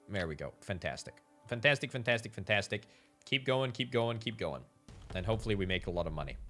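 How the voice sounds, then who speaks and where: A man giving chatty commentary while playing a management game, thinking out loud and repeating words for emphasis, with faint game music behind him. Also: on the low side. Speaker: game streamer. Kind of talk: gameplay commentary.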